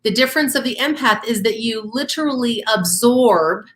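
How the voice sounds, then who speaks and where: A woman's voice: fairly high pitch, expressive, moderate pace, a bit bright. A woman co-hosting a casual talk show, explaining ideas step by step in an earnest, encouraging way. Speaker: co-host. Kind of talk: casual teaching chat.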